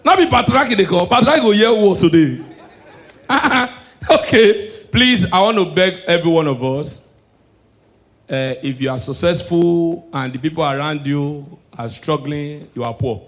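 High-voiced Nigerian man doing stand-up. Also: unhurried. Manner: animated, swings between hushed asides and shouted punchlines. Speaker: stand-up comedian. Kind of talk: stand-up comedy performance.

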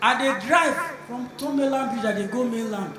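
A man speaking with a Nigerian Pidgin accent, telling a street story on stage with animated sound effects. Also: very high voice, moderate pace, over music. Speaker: stand-up comedian. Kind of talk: stand-up routine. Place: live stage. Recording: echoey venue with background noise.

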